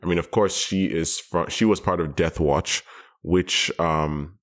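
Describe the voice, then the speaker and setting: A man co-hosting a casual chat, thoughtful and rambling, with quick bursts of excitement. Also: sits low. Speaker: podcast co-host.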